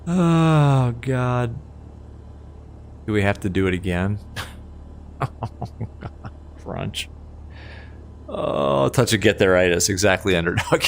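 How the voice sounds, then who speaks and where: A man's voice: fairly low pitch, expressive, slow, creaky, pauses often, a little hiss or hum. A man giving chatty, self-mocking live commentary as a flight sim streamer, laughing often at himself.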